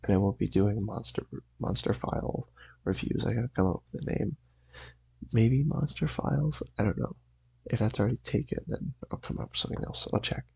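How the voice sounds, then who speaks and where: A young man hosting a channel, reading a comic aloud in a casual, rambling way with a raspy voice. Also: fairly low pitch, brisk, a little mellow, no echo, low-quality recording. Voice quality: raspy, gravelly.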